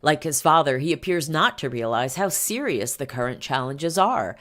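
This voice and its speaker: A woman's voice: deep voice, lively intonation, normal speed, fairly bright tone. A woman hosting a podcast, reading an article aloud and breaking off for chatty asides full of fillers. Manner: chatty asides with fillers between read passages. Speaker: podcast host.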